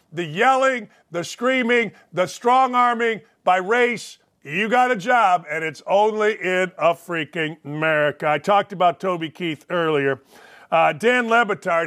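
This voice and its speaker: Guy hosting a sports talk show, pretty high voice, blunt and sweary, just ranting. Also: fairly bright tone. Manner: blunt, profane, combative ranting. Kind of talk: opinionated sports talk rant.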